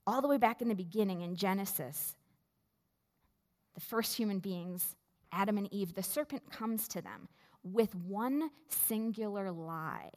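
A woman pastor preaching a sermon in a slow, measured way with deliberate pauses. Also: mid-range voice, darkish tone. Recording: long reverb of a large hall.

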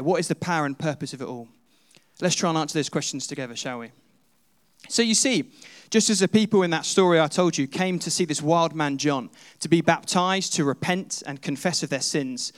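A man preaches to his congregation, walking them through a story as if they were there. His voice sits a little on the high side, and he leans on questions to draw listeners in. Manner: storytelling, second-person, rhetorical questions. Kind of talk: sermon with imaginative retelling.

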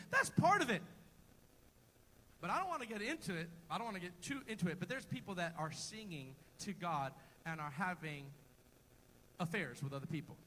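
A man's voice: high-pitched, lively intonation, brisk, sharp tone, in a large hall, poor audio. A man preaching a sermon as pastor in a church, emphatic and repetitive, calling on the congregation to answer back. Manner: emphatic call-and-response preaching.

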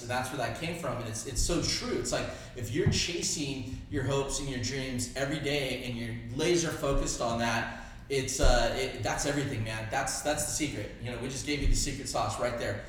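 A man's voice: medium pitch, moderate pace. A man talks in a casual, enthusiastic way and rambles with plenty of fillers. His voice sits in the middle range. He sounds very echoey, with a faint hum of room ambience behind him. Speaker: podcast host, business co-founder. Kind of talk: casual chat.

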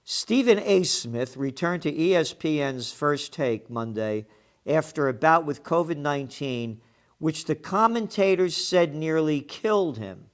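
A man's voice: on the high side, animated, a little slow. A man hosting a trends commentary show, delivering a combative, sarcastic monologue and swearing when angry.

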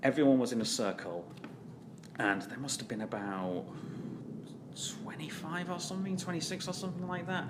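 A man's voice: medium pitch, steady tone, moderate pace, heavy background noise. A man hosting a podcast, chatting in a rambling way, swearing a lot and laughing often. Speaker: podcast host. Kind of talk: casual chat.

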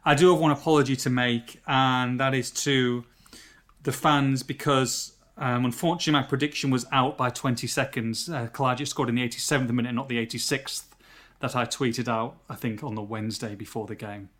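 A man co-hosting a football podcast, telling stories in an animated, self-mocking way. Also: medium pitch, fairly quick. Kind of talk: casual podcast chat.

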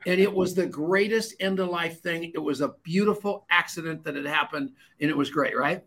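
A man hosting a podcast, chatting and telling stories in an animated, boastful way. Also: a little high, moderate pace. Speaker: podcast host. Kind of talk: casual podcast conversation.

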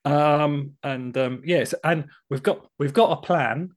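A man's voice: on the high side, slow pace. A man co-hosting a podcast in casual, joking banter, often breaking off and restarting his sentences. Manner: chatty, banter-heavy, self-interrupting. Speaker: podcast co-host. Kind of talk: casual chat.

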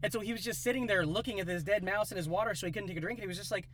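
A man in his thirties from Iowa, telling a rambling, animated story in a casual chat. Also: high-pitched, racing. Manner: animated, rambling, acts out voices in quotes.

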